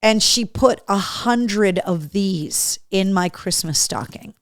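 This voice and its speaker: Casting: blunt, chatty woman host reading viewer comments live, mid-pitched, close and dry. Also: lively intonation, takes it slowly, dry recording. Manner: chatty and blunt, swears freely, talks with mouth full. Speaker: radio host running a live webcast. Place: small home studio.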